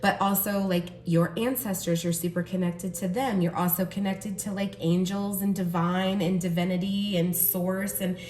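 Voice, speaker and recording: Gushing, excitable woman tarot reader. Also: on the low side, moderate pace, few pauses, reverberant, slight background noise. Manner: excitable and gushing, lots of "like" and gasps. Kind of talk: pick-a-card tarot reading.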